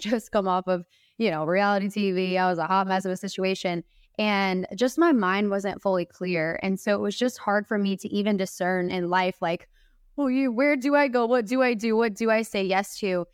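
A woman's voice: mid-range voice, smooth, dry recording, studio quality. A young woman guest telling a heartfelt faith story in a candid, earnest way. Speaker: podcast guest.

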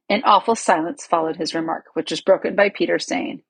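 A woman reading a children's novel aloud in steady, expressive storybook narration. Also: lowish voice, brisk, creaky, husky, no room sound, rough recording. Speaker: audiobook reader.

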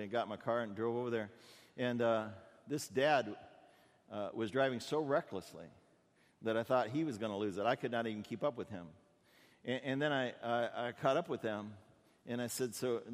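Preaching man in an echoing hall. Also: medium pitch. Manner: conversational, halting with repeated words. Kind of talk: storytelling sermon.

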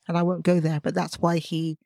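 Chatty, animated woman, dry sound. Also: on the low side, fairly quick, vocal fry, dry recording. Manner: lively, laughs often, jumps into animated asides. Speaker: podcast co-host. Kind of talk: casual faith podcast chat.

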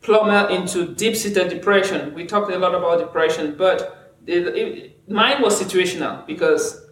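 A middle-aged woman, a clinician, telling her story in a casual chat, animated and laughing often as she acts out what people said. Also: on the low side, normal speed, echoey room, a little hiss or hum. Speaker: clinician guest. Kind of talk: casual conversation.

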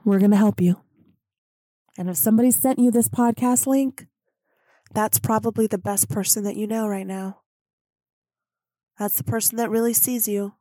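A woman's voice: medium pitch, warm tone, no echo. A woman hosting a spiritual podcast, speaking in an emotional, affectionate inspirational monologue and often laughing. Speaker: podcast host.

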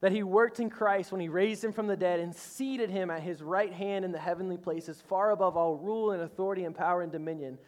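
A man's voice: sits high, fairly even intonation, brisk, hardly any pauses. A male pastor giving a casual, conversational sermon. He speaks earnestly, slips in joking asides and calls on the congregation to respond.

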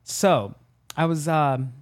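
A man's voice: a little high, slow, no room sound, clean studio sound. A man co-hosting a podcast in casual chat, rambling and laughing easily. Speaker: podcast co-host.

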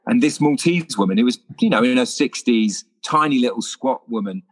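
Lively man telling anecdotes. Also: mid-range voice, moderate pace. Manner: lively storyteller, acts out voices. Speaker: actor guest. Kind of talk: casual anecdotal chat.

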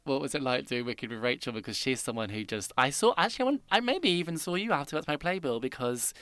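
A man's voice: mid-range voice, animated, fast, a bit bright, clear, resonant tone, no room sound. A man hosting an interview podcast, chatting enthusiastically about theatre with his guest. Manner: enthusiastic, gushing fan talk. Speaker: podcast host. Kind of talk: casual interview chat.

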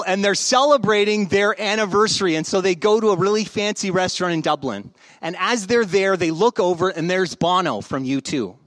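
High-voiced storytelling male preacher. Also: fairly bright tone, no room sound. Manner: conversational, joking storyteller. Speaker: pastor. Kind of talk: sermon.

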